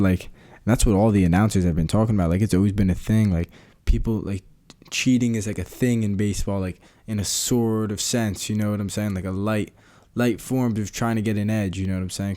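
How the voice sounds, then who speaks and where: A young man chatting on his own podcast in a loose, rambling way, full of slang and filler phrases. His voice sits on the low side and sounds mellow and relaxed rather than bright. It is a casual, unscripted solo talk. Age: young adult. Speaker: podcast host.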